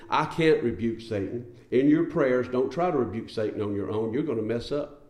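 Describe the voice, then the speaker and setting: A man delivers a sermon in an emphatic, conversational manner, often asking his listeners rhetorical questions. His voice is mellow and sits at an ordinary pitch. The room gives it a noticeable echo. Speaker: preacher.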